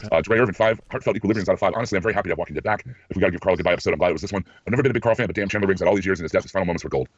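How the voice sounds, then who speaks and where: A man with a hoarse, scratchy throat, co-hosting a casual podcast and reading out listener ratings offhandedly. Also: deep voice, no room sound. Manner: rapid, offhand reading with small laughs. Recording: muffled lo-fi recording.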